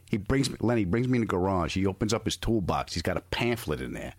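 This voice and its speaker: A man's voice: lowish voice, lively intonation, fast talker, dry recording. A man hosting a podcast, trading wisecracks and telling comic anecdotes in casual chat. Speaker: podcast host.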